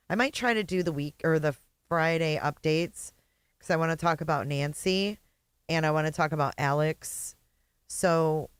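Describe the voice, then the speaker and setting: A woman's voice: low-pitched, smooth, no echo. A woman hosting a livestream, reacting to clips with sarcasm and frequent laughter. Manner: amused, sarcastic, laughs often. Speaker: host.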